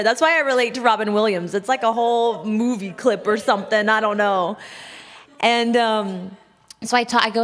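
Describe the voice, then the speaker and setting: A woman's voice: medium pitch, normal speed. Candid woman speaking in a reverberant hall. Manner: open, confessional, breaks into nervous laughs. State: shaky and nervous. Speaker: speaker sharing a personal testimony. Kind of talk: candid personal talk to an audience. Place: large hall at a church event.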